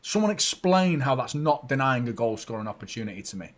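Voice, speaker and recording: A man hosting a live football watchalong, excitable and sweary, jumping from shouts to low muttering. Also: brisk. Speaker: football fan channel host. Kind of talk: live match watchalong commentary.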